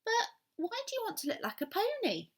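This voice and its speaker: A woman voicing a small, timid young male barn owl who turns huffy, lifting her pitch for him in a storybook reading. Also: huge pitch swings, full character voice. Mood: curious. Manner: earnest, quickly huffy.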